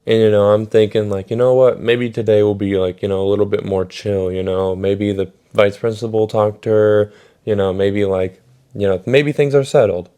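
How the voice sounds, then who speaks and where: A man's voice: on the low side, dark tone. A young man telling a rambling, profane story in a casual storytime vlog, full of fillers. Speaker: storytime vlogger.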